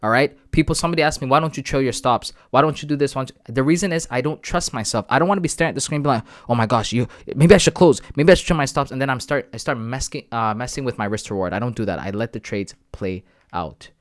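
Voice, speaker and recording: A young man, chatting casually on a trading livestream, laid-back and slangy, reading out comments and breaking into loud shout-outs. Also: mid-range voice, fast, hardly any pauses, dry recording, clean studio sound. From Canada. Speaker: live-streaming forex trader.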